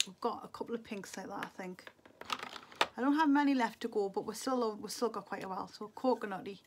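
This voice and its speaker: A woman's voice: mid-range voice, a little fast, noisy background. A middle-aged woman from England, chatting to camera as a beauty vlogger, muttering to herself in a wistful, casual way. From Northeast England.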